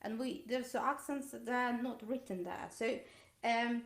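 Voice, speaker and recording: A woman's voice: a little high, a little slow. Woman teacher in a roomy echo. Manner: hesitant with many fillers, sings phrases on da-da syllables. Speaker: violin teacher. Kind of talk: online masterclass instruction.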